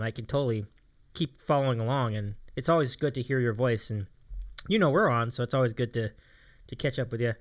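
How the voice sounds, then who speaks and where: This man has a medium-pitched, sharp voice. He's a co-host on a laid-back live-streamed talk show, and he comes across as upbeat and eager, tending to say things more than once.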